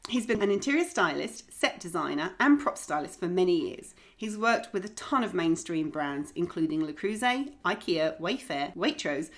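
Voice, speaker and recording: A woman's voice: fairly low pitch, fairly bright tone. A woman hosting a podcast interview, chatty and friendly, laughing easily. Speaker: podcast host.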